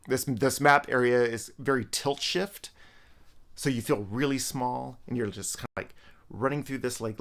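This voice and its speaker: A man in casual, rambling talk about the games he is playing, often restarting his sentences. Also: medium pitch. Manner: rambling, self-correcting, frequent restarts. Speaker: gaming vlogger. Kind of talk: casual gaming commentary.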